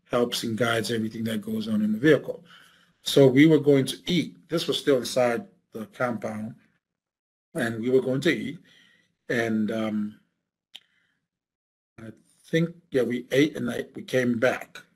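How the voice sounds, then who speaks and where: Man, veteran telling his own story, husky mid-pitched voice, halting delivery with fillers. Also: rough recording. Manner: halting, many fillers and restarts. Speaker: veteran recounting service. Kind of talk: oral history interview.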